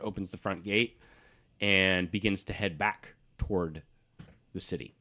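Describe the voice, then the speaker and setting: A man narrating a tabletop game as game master, relaxed and descriptive with small hesitations. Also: low-pitched, unhurried.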